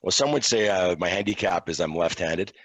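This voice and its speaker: Low-voiced man telling relaxed stories. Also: brisk, slightly rough, no echo. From Quebec. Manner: relaxed, self-deprecating anecdotes. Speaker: interview guest, hockey officiating analyst. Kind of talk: casual storytelling.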